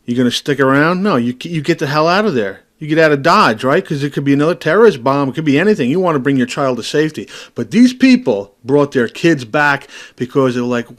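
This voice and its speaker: A man's voice: fairly high pitch, lively intonation, fairly quick, hardly any pauses. A man giving an agitated, profane video commentary, pressing the viewer with repeated questions. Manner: talks straight to the viewer with constant tag questions.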